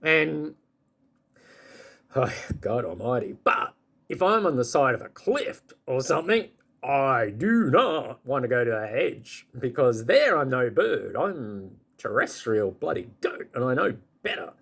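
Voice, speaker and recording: A man's voice: a little slow, vocal fry. A man in his fifties or older, talking to the camera in a rambling, casual monologue and chuckling as he goes. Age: 50s or older. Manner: rambling, chuckling, pitch jumping up when excited. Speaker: vlogger.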